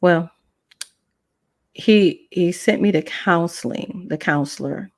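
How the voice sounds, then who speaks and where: Woman host, gravelly, dry close sound, animated storyteller with chatty asides. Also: on the low side, slow pace, no room sound. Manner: animated, acts out quoted dialogue; casual, chatty asides to viewers. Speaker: podcast host. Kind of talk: personal storytime testimony.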